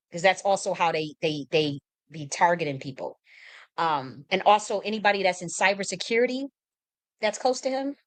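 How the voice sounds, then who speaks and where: Blunt, emphatic woman livestreaming. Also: mid-range voice. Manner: blunt and emphatic, with frequent restarts and swearing; shifts into mock-quoting herself and others. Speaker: livestream host. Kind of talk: casual livestream commentary.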